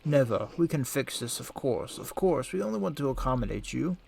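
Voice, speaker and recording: A man's voice: medium pitch, lively intonation, a little fast, vocal fry, darkish tone, breathy edge. A man reading an anxious placating abbot. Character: anxious male abbot eager to please.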